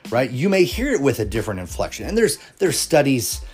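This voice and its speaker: A man hosts a solo podcast in a mid-pitched voice. He talks earnestly and loosely, restarting phrases and tossing rhetorical questions at his listeners, with faint music under him. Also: big pitch swings, fairly quick, husky. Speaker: podcast host. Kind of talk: casual solo podcast monologue.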